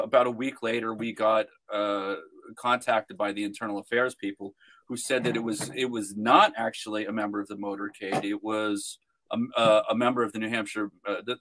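A man's voice: on the low side, a bit bright. A man telling a long story on a podcast, rambling with many restarts and fillers. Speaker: guest, protester.

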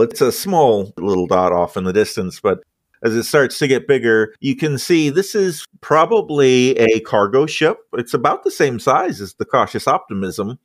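A man's voice: mid-range voice, no echo, clean studio sound. Laid-back male game master. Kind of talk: narrating a tabletop game.

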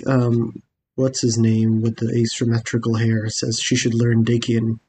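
A man's voice: medium pitch, monotone, unhurried, dark tone, a little hiss or hum. A man co-hosting a podcast, talking with lots of fillers and a wry edge. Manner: hesitant, filler-heavy, wry. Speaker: podcast co-host. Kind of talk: casual chat.

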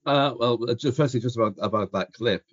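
A male podcast co-host in casual chat, halting and stammering, with dry humour. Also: mid-range voice, husky, no room sound, dull audio.

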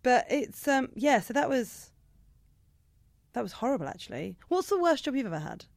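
A young woman, co-hosting a casual chat and telling animated stories. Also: high-pitched, normal speed, gravelly, dry recording, clean studio sound. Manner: chatty, animated storytelling with mimicked voices.

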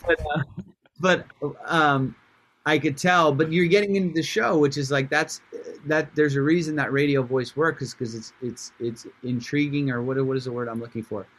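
Animated man, casual comedian chat. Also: fairly high pitch, moderate pace. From Iran. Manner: animated, laughs often, swears casually. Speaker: comedian guest. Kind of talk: casual podcast interview.

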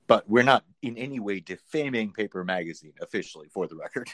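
A man's voice: lowish voice, lively intonation, quick pace, no echo. A man co-hosting a casual podcast chat, full of dry, sarcastic asides. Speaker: podcast co-host.

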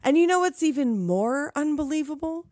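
A woman's voice: high voice, expressive, normal speed, a little mellow, dry recording, studio quality. A woman co-hosting a podcast, joking and swearing as she chats about a movie. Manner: wisecracking, swears, acts out lines. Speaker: podcast co-host. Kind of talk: casual movie recap chat.

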